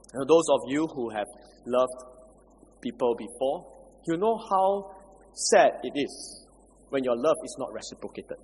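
A man's voice: mid-range voice, a little slow, pauses often. A man preaching a conversational sermon, asking the congregation questions as he goes. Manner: asks the congregation questions, animated and chatty. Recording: echoey hall with faint background noise.

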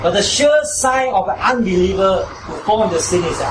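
Male pastor, pitched a bit high, emphatic sermon; roomy hall, distant noisy mic. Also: animated, brisk, few pauses. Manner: emphatic, repetitive, asks listeners "right?". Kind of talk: sermon and closing prayer.

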